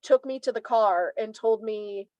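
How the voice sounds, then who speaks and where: A woman in her twenties, a tarot reader, telling stories as an interview guest in a chatty, animated way with many "like" fillers. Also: fairly high pitch, measured pace, no echo, lo-fi sound. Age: 20s. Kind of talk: casual interview storytelling.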